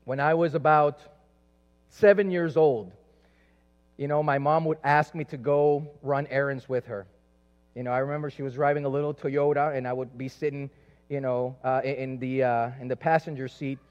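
A man's voice: mid-range voice, fairly even intonation, normal speed, darkish tone, clear, resonant tone. A man from South America preaching a sermon, telling a personal story in a loose, conversational way with many asides. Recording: echoey hall, dull lo-fi sound.

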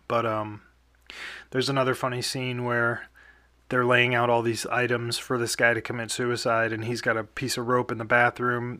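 A man's voice: medium pitch, bright, forceful tone, no echo. A young man hosting a casual podcast, rambling through a movie review with lots of fillers and small chuckles.

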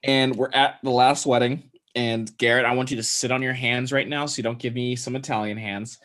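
A man's voice: mid-range voice, steady tone, a little fast, fairly bright tone. Profane young man recapping a movie. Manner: loose and profane, acts out characters' lines. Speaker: podcast co-host. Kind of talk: casual chat recapping a movie.

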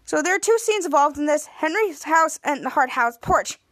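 High-voiced woman recapping an episode. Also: animated, normal speed, fairly bright tone. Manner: rambling, repeats and restarts, "cut to". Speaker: podcast host.

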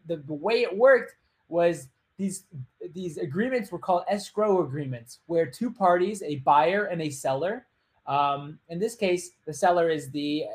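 A man hosting his own show, casually retelling a true crime story with joking asides and loose, rambling phrasing. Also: a little high. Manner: chatty, loose, with joking asides and quick put-on voices. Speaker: podcast host.

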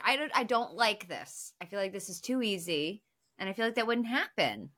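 A woman's voice: mid-range voice, expressive, a little fast, a bit bright. Female podcast co-host with a mid-range voice, casual and blunt in her opinions. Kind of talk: casual chat.

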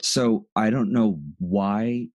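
Low-voiced man in casual film chat. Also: steady tone, darkish tone, dry recording. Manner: chatty, halting, many restarts. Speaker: podcast co-host. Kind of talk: casual movie review chat.

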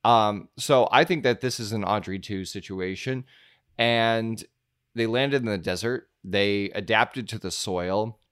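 A man co-hosting a casual movie podcast, musing out loud with plenty of fillers and playful asides. His voice sits a little low. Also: a little slow, clean tone. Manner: rambling, many fillers, playful. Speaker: podcast co-host.

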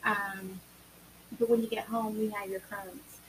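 A woman's voice: mid-range voice, level tone, unhurried, a bit bright, slight background noise, rough recording. A woman co-hosting a podcast who speaks candidly and reflectively in casual chat. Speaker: podcast co-host.

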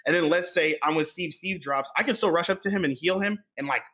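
A man co-hosting a casual gaming podcast, animated and laughing often as he acts out quotes. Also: fairly high pitch, a little fast. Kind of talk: casual chat.

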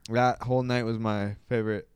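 A young man chatting casually with friends, relaxed and swearing freely as he recalls a trip. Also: medium pitch, brisk, a little hiss or hum. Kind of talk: casual chat among friends.

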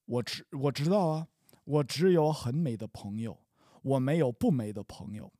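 A man's voice: mid-range voice, animated, normal speed, warm tone, dry recording, clean studio sound, natural voice. A man reading the part of a boastful, secretive young man in a practice dialogue, teasing and evasive.

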